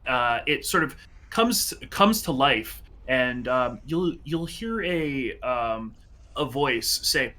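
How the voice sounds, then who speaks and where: A man runs a tabletop game as dungeon master, narrating hesitantly with many fillers. His voice is bright and forceful. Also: mid-range voice, animated, slow.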